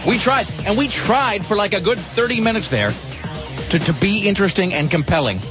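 A man's voice: high-pitched, lively intonation, over music. A man hosting a talk radio show, rambling and mocking himself in casual banter. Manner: rambling, self-mocking, quick restarts. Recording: dull lo-fi radio audio.

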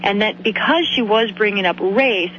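A woman's voice: medium pitch, a bit bright. Reporter woman on dull lo-fi radio. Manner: measured, explanatory reporting with some restarts. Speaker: congressional reporter. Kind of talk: radio news interview. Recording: dull lo-fi radio audio with faint hum.

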